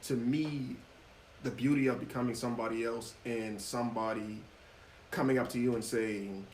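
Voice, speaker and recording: A man speaks easily as an interview guest, telling stories at a relaxed pace with lots of "um" and "you know." His voice rings in a reverberant room. A light hum of ambience sits behind him. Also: mid-range voice, moderate pace. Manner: relaxed, storytelling, many fillers. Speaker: guest actor and author. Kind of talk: casual interview talk.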